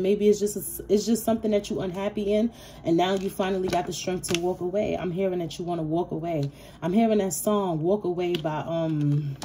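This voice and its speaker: A woman's voice: fairly low pitch, mellow, slight background noise. Blunt, profane woman reading tarot. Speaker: tarot reader.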